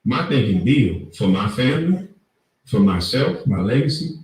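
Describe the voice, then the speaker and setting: A man's voice: mid-range voice, sing-song, normal speed, a little mellow. A man, ranting on camera as an online commentator in a profane, mocking, confrontational way. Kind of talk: ranting monologue. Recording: very echoey room, far from the mic.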